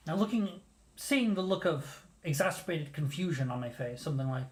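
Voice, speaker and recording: Animated self-mocking storyteller. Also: medium pitch, brisk. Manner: animated, self-mocking, acts out quoted lines. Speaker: podcast host telling a story. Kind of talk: casual storytelling.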